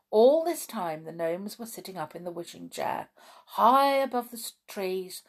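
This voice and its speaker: Slow gentle woman reading a storybook. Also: mid-range voice, creaky.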